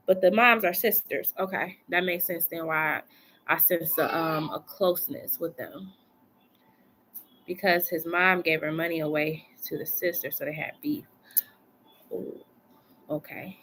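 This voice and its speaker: A woman's voice: low-pitched, unhurried, long pauses, fairly bright tone, a little hiss or hum. A woman doing a casual live tarot reading from home, chatty and colloquial, repeating phrases for emphasis. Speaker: tarot reader.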